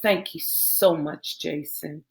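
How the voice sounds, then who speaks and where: A woman voicing Natasha, a young woman who tells her story in an animated, dramatic way, with Southern slang. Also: deep voice, takes it slowly, gravelly, full character voice. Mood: grateful. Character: young woman, Natasha, tearful then laughing.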